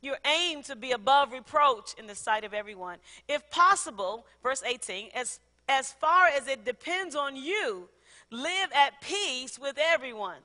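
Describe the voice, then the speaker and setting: Woman pastor, bright high voice, lively sermon in a big reverberant church. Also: unhurried. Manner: laughing often, call-and-response with congregation. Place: large church sanctuary. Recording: long hall reverb.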